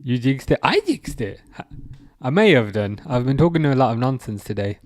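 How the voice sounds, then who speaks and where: Male streamer, casual and self-deprecating, mid-pitched, dry close sound. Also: animated, a little fast, darkish tone, no echo. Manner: chatty, self-mocking, stammering restarts, frequent laughs. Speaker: livestream host. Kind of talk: casual live match commentary.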